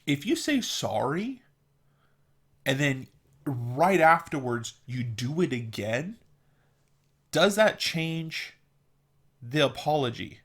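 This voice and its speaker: A man's voice: a little high, big pitch swings, slow, long pauses, fairly bright tone. A man giving an earnest, opinionated vlog monologue to camera in a casual manner. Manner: earnest and opinionated, with mocking put-on voices. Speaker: vlogger.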